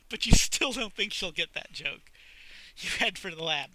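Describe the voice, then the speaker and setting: A man's voice: fairly high pitch, expressive, normal speed, pushed and bright, slight background noise, low-quality recording. A man reading an interactive story aloud with wry, amused asides. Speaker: reader.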